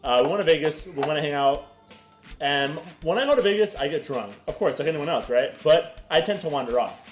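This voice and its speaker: A man's voice: on the high side, brisk, faint music behind, low-quality recording. A man co-hosting a podcast, telling a story in casual chat and swearing freely. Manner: animated, swearing, laughing storyteller. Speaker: podcast co-host.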